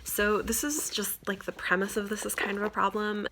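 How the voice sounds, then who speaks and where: A woman's voice: mid-range voice, flat delivery, normal speed, a bit bright, a little hiss or hum. A young woman chatting casually on her book vlog, gushing and filling her talk with "like". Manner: chatty, gushing, many "like" fillers. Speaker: book vlogger.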